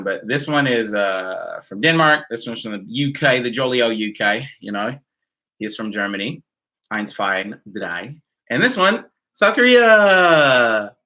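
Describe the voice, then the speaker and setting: A man hosts a casual home livestream, relaxed and full of slang as he reads out viewer comments. His voice has a bright, forward edge, and he sits at middle pitch for a man. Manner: laid-back, slangy, reads out chat comments. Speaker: musician streaming a live Q&A. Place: home, in Nashville.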